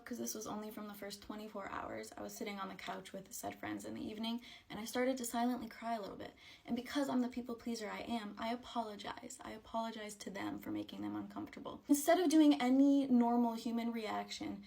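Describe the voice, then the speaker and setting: A young woman telling a storytime to camera, her slightly high voice carrying a gravelly fry. She drops into dry, sarcastic asides as she talks. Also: mellow. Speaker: TikTok creator. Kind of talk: storytime vlog.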